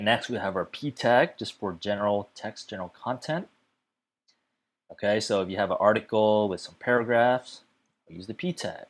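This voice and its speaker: A man teaching a web development lesson in a casual, chatty way, often filling pauses with "okay" and "uh". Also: fairly low pitch. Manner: chatty, fills gaps with okay and uh.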